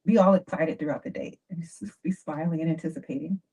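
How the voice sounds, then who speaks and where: A woman giving dating advice in a chatty, animated livestream talk. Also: deep voice, fast, slightly rough. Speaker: advice host. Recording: dull lo-fi sound.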